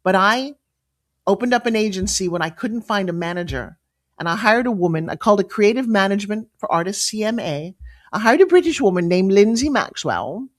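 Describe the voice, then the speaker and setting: Animated middle-aged woman telling stories. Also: medium pitch. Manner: lively and emphatic, with quick asides. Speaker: guest, entrepreneur and pitch coach. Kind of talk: animated storytelling interview.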